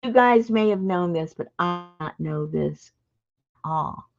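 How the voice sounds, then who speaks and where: A woman hosting a live craft stream, chatting with viewers in an excitable, talkative way. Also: on the low side, unhurried, creaky, faint music behind. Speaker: craft channel host. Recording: dull lo-fi live-stream audio.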